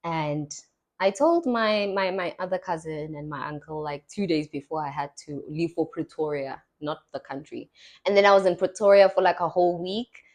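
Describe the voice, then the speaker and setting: Young woman, podcast host, casual storytelling, slightly low pitch. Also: moderate pace, a little mellow. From South Africa. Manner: chatty storytelling, acts out quoted voices. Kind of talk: casual chat.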